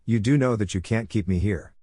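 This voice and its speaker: A man voicing a tired young male ninja who answers quietly and evasively. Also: fairly low pitch, a little fast, no echo, clean studio sound, close to an everyday voice. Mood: weary.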